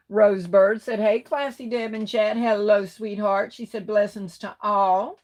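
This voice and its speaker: A woman's voice: medium pitch, steady tone, takes it slowly, a little mellow. A middle-aged woman hosting a livestream, reading viewers' comments and greeting each by name as sweetheart and baby, saying y'all. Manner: Southern-style speech with y'all. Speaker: livestream host reading chat. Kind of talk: casual live-stream chat.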